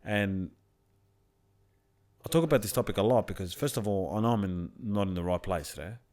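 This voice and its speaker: A man's voice: fairly low pitch, expressive, normal speed, darkish tone. A young man on a podcast, animatedly retelling a work story in casual, crude slang. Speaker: podcast co-host. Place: backyard.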